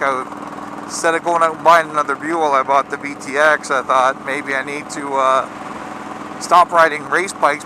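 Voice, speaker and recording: A Canadian man with a fairly high voice rambles enthusiastically in a casual vlog, stumbling over fillers and restarting his sentences. He talks outdoors, with clear traffic and engine noise behind him. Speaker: motorcycle vlogger. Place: outdoors by his parked motorcycle.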